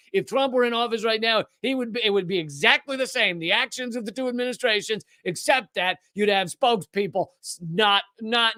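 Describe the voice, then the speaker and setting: A man hosting a live political commentary show, talking in a sarcastic, rapid-fire way with frequent restarts. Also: high-pitched, fairly bright tone, dry recording. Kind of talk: live news commentary monologue.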